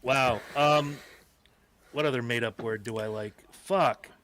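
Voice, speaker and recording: A man's voice: medium pitch, unhurried, fairly bright tone, a little hiss or hum. A man co-hosting a podcast, chatting casually and cracking goofy jokes. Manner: joking, goofy. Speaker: podcast co-host. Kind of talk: casual chat.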